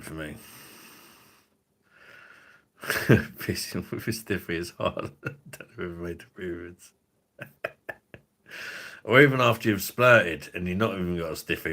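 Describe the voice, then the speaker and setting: A man's voice: low-pitched, bright, forceful tone. A young man hosting a casual livestream, rambling crudely and swearing a lot. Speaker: livestream host.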